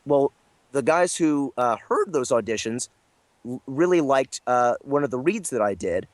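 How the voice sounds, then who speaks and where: A man in an interview chats through a long story about his own work, talking himself down and wandering with plenty of ums and uhs. His pitch sits in a middle range. The recording is dry and close. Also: lively intonation, moderate pace, no echo. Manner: rambling, self-deprecating, many fillers. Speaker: guest voice actor.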